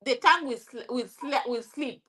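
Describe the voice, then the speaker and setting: A young woman from Kenya with a Kenyan accent, telling her story in a casual interview, animated, with many restarts and bits of Swahili. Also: high voice, moderate pace, crowd noise, poor audio. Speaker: interview guest.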